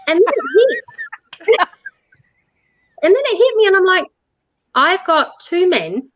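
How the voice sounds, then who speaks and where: Woman guest, high voice, lively storyteller who laughs and acts out the dialogue, close dry sound. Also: no room sound, dull audio. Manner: animated, laughs often, acts out quoted dialogue. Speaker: interview guest recounting a ghost tour. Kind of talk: casual storytelling.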